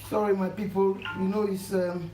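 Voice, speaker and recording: A woman's voice: medium pitch, flat delivery, moderate pace. A woman hosting a live cooking stream from her home kitchen, talking effusively and repeating herself as she keeps urging viewers to subscribe. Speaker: cooking channel host. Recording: echoey room with faint background noise. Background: faint household noise.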